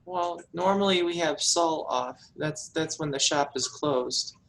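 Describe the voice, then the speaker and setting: A man voicing a meek, obedient young girl who works in her father's bakery, speaking in soft, hesitant replies. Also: a little high, unhurried, pitched above the performer's own voice, rough recording. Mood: shy.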